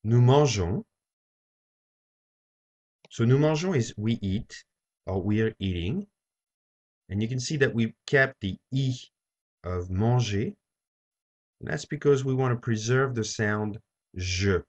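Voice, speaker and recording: A man teaching a French lesson, saying each phrase slowly and repeating it for learners to copy. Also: medium pitch, expressive. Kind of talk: slow language lesson. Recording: dull lo-fi recording.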